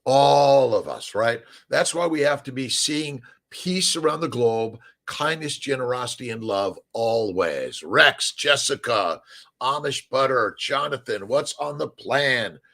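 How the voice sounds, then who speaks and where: A man's voice: medium pitch, expressive, a little slow, vocal fry, fairly bright tone. A middle-aged man from Southern California hosting a casual morning livestream, upbeat and rambling, greeting viewers by name. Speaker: livestream host.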